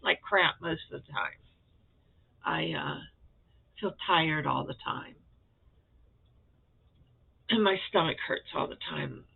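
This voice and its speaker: An older woman from Florida vlogs about her crafts in a casual, chatty update, rambling, effusively grateful, and self-deprecating. Her voice is low-pitched, creaky, and breathy at the edges, with a slow pace and frequent pauses. The recording has a tinny, phone-like sound.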